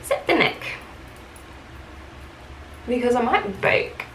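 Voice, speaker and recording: A woman's voice: on the high side, very animated, slow pace, a bit bright. A woman telling a casual story about her retail job while doing her makeup, chatty, with lots of fillers. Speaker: beauty vlogger. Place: room at home, doing makeup. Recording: echoey room, faint background hiss.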